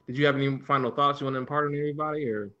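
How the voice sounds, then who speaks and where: A man hosting a podcast, thanking and affirming his guest in relaxed casual speech. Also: mid-range voice, very fast, highs cut off. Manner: grateful, affirming, relaxed slang. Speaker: podcast host. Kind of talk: casual chat.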